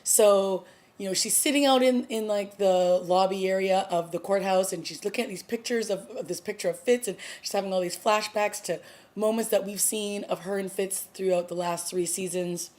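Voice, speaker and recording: A woman vlogger casually recapping a TV episode, chatty and animated, acting out the characters' lines as she goes. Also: mid-range voice, normal speed. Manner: chatty, animated retelling with acted-out quotes. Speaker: TV review vlogger.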